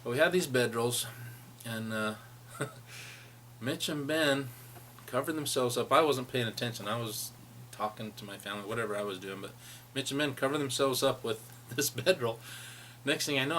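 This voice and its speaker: A man's voice: medium pitch, brisk, bright, forceful tone, slight background noise. A middle-aged man telling rambling personal stories about a friend, laughing as he reminisces. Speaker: friend sharing memories. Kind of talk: personal storytelling.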